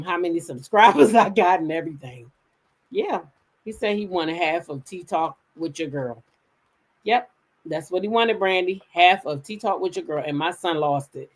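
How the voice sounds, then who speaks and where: Black lady spilling tea to her chat, voice all over the place, jumps way high when she quotes folks. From United States. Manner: animated, profane, quick jumps into loud high quoted voices. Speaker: gossip channel host. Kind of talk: casual storytelling to live chat.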